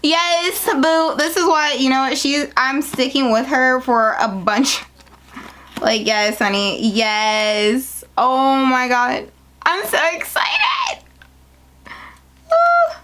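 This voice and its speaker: A young woman filming a casual unboxing vlog on her phone at home, gushing and excitable, jumping into high squeals. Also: takes it slowly, a little hiss or hum. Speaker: beauty vlogger starting a business. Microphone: phone camera.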